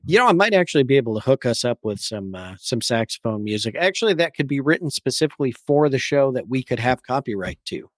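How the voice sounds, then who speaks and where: A man's voice: medium pitch, big pitch swings, fast, few pauses, dry recording. A man co-hosting a casual car podcast, making dry, wry quips. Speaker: podcast co-host. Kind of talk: casual chat.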